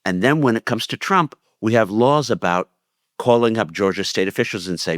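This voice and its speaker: Passionate low-voiced man. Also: moderate pace, no room sound, clean studio sound. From United States. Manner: passionate, emphatic, animated arguing. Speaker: podcast co-host. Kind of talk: podcast political discussion.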